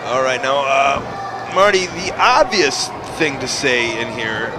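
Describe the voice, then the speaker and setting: A man's voice: medium pitch, big pitch swings, slow, noisy background. A man doing comedic wrestling commentary with dry wisecracks and chuckles.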